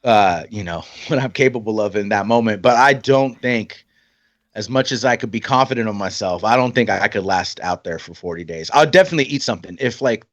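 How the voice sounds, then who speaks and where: A man's voice: lowish voice, animated, brisk, a bit bright. A young man co-hosting a podcast, laid-back, teasing and swearing casually. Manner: laid-back, swears and teases, says "yo" and "bro". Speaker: podcast co-host. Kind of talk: casual chat.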